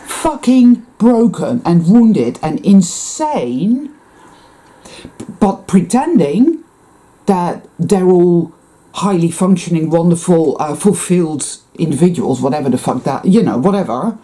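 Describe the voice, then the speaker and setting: A woman's voice: on the low side, very animated, slow pace, mellow. A woman talking straight to her viewers in a rambling monologue, swearing often and sighing heavily between thoughts. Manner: profane, intense, sighing. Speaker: spiritual vlogger.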